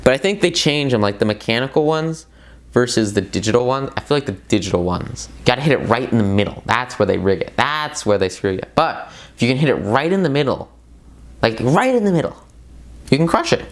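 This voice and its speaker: A man's voice: medium pitch, a little fast. Male self-help book reviewer: hyped-up, emphatic, rambling, calls the audience "guys.". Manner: excitable and emphatic, repeats words for stress, addresses viewers as "guys"; loose and rambling, with many fillers and side tangents. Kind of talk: casual motivational book commentary.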